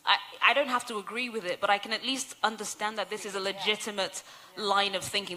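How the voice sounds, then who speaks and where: A woman's voice: mid-range voice, sharp tone. A woman on a symposium panel, telling stories in a chatty way, correcting herself and laughing often. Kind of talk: conversational panel discussion.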